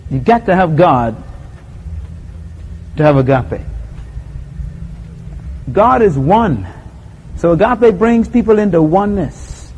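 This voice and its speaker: A man's voice: sits high, expressive, slow, pauses often, darkish tone, a little hiss or hum, low-quality recording. A middle-aged man with a Bahamian accent preaching a sermon, acting out little scenes with voices and laughter.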